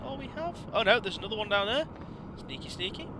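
An excitable man commentates his gameplay in a high voice that leaps all over the place. The noisy home recording has clear background noise running under him. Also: fast talker. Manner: excitable, yelps and swears at the game. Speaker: let's play host.

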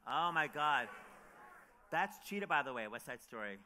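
A man on stage at a festival, telling excited, gushing anecdotes and acting out the people he quotes. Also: fairly high pitch, slight background noise. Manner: gushing, excitable, quick asides, acts out quotes. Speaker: author and radio host speaking at a festival. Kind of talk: animated anecdotal storytelling on stage.

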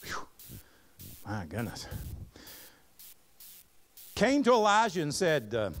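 With a fairly high-pitched voice at normal speed, this male pastor pauses often as he preaches animatedly. Recorded live at a church service, he reads scripture aloud, has the congregation repeat words, and drops folksy Southern-tinged asides.

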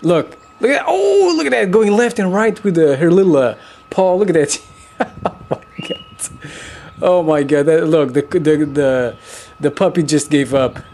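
A man giving casual, profane commentary over a video, excitable and chuckling, constantly telling the viewer to look. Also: a little high, moderate pace.

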